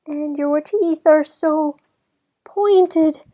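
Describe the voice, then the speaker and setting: A woman reading a storybook aloud and voicing a cheerful, innocent little girl in a red hood, her lines high and excited. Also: normal speed. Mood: alarmed. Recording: slightly dull lo-fi recording.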